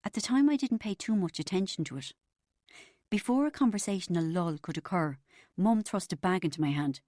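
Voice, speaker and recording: Woman reading an audiobook, lively ups and downs, dry close mic. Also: lowish voice, brisk, no echo. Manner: wry first-person storytelling. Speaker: audiobook narrator. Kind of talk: audiobook narration.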